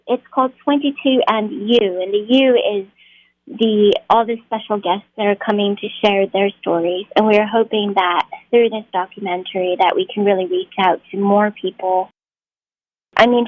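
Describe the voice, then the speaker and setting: Heard over a tinny, phone-like connection without echo, a woman with a medium-pitched voice tells stories as an actor guesting on an interview show. Her manner is chatty and casual, and laughter comes easily to her.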